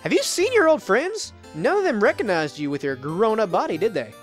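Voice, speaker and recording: A man voicing a cheerful little talking tree sprout from a video game, in a bright, loud, chirpy put-on voice. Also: high-pitched, big pitch swings, fairly quick, faint music behind, pitched above the performer's own voice. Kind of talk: playful voice reading of game text.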